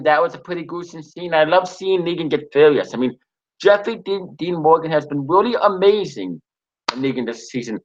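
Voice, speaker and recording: A man with a slightly high voice reads a TV recap and then shares his own review. He stops and restarts often and fills pauses as he goes. The recording sounds dull and lo-fi. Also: a bit bright. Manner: halting, frequent restarts and pauses. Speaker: TV episode reviewer.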